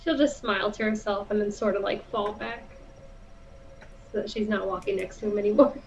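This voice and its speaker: A woman's voice: mid-range voice, fairly even intonation, brisk. A woman who plays in a tabletop game, speaking in a light, playful way. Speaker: player. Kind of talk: casual tabletop play. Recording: dull lo-fi mic with faint hiss.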